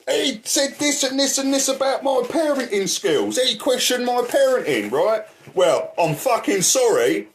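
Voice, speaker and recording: Here an angry man rants in a vlog; he's an activist who swears constantly and keeps asking "right?" His voice sits high, and there's slight background noise. He shuffles papers, and his voice drifts from the mic.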